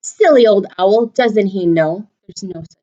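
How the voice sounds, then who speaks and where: A woman teacher reading a picture book aloud to children, animated and expressive. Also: mid-range voice, measured pace, lo-fi sound. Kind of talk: storybook read-aloud for children.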